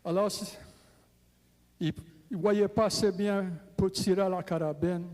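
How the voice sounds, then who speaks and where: A man with a Cajun accent telling folk tales in an unhurried, deliberate way. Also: sits high, darkish tone, long reverb tail. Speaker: storyteller.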